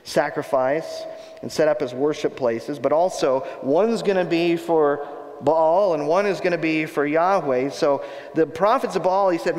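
High-voiced preacher in a reverberant hall. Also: male voice. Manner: conversational, animated storytelling. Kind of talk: sermon retelling a scripture story.

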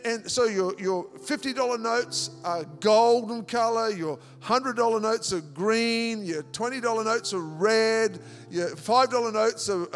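A man from Australia preaching a sermon as pastor, animated, repeating words and acting out little dialogues. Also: extremely high pitch. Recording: long hall reverb with music behind.

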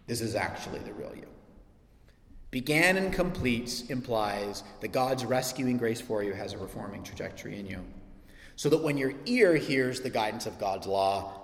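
A man preaching a sermon in a church, lively and acting out the voices he quotes. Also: mid-range voice. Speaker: pastor. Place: church sanctuary. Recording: echoey hall with long reverb.

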